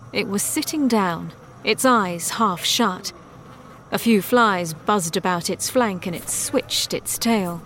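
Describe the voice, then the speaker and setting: A woman reads a science fiction story aloud. She takes her time, with unhurried, deliberate sentences. A faint background hiss sits under her voice. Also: mid-range voice. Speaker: narrator. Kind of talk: storybook narration.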